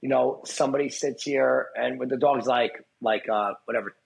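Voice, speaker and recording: A man's voice: mid-range voice, steady tone, moderate pace, vocal fry, a little hiss or hum, poor audio. A man being interviewed as a guest dog trainer, talking in a blunt, profane way and voicing what dogs think. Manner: blunt, profane, acts out dogs' thoughts. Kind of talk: casual podcast interview.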